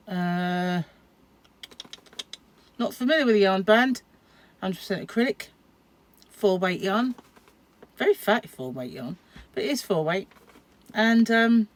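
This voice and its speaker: A middle-aged British woman from the UK, chatting casually to camera as a crochet vlogger, rambling and self-deprecating with frequent laughs. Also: mid-range voice. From United Kingdom.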